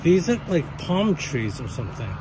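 A man's voice: on the high side, big pitch swings, normal speed, darkish tone. A man chatting with a friend on a walk outdoors, mostly giving short, dry replies. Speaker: travel vlogger. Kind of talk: casual chat on a walk. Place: outdoors, on vineyard paths. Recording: outdoor noise behind the voice.

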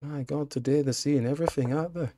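A man's voice: fairly high pitch, fast, dark tone, no room sound. A man commenting casually on his own chess game, muttering frustrated remarks to himself. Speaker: chess streamer.

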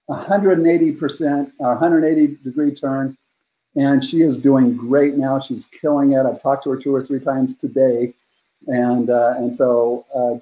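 A man's voice: mid-range voice, mellow. A man in his fifties, a guest coach on a podcast, telling a personal family story in a heartfelt, earnest way with frequent fillers. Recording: roomy echoey room.

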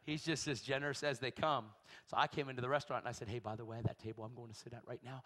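A man preaching a sermon, telling a story with animated energy and acting out the people in it. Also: medium pitch, racing, few pauses. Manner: animated storytelling, acts out voices, shrieks in quotes. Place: large church hall. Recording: long hall reverb.

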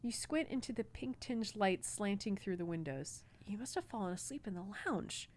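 Let's play co-host, woman, mid-pitched, reads story text with giggles and slips. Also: animated, moderate pace, a little mellow, slight background noise. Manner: giggly, stumbling over words. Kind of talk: reading game text aloud.

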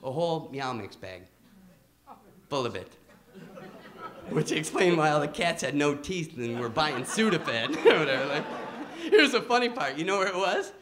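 A man from Detroit, hosting a talk show with a stand-up monologue, telling self-mocking stories in an excitable way, tripping over his restarts. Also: on the high side, moderate pace, a crowd in the background. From Detroit, Michigan. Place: comedy club stage before a live audience. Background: faint audience laughter.

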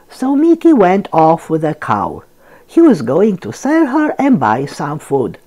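An older woman reads a picture book aloud to little ones, slow and gentle. Her voice is on the low side and swings widely up and down to bring the story alive. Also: huge pitch swings. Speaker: storyteller, channel host. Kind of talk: children's read-aloud storytelling.

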